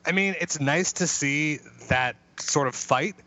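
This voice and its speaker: A man co-hosting a casual sports podcast, cracking wry deadpan jokes and laughing along. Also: fairly high pitch, a little slow, low-quality recording. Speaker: podcast co-host.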